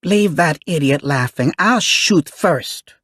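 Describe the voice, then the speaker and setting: A man voicing a hot-tempered young man with a shrill, lisping voice, in an audiobook. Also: lively intonation, takes it slowly, fairly bright tone, no echo, clean studio sound, full character voice. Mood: indignant.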